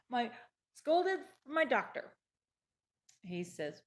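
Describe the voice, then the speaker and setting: A woman's voice: mid-range voice, big pitch swings, slow, long pauses. A woman telling a personal story in a casual, emphatic way, repeating her points and acting out the dialogue she quotes.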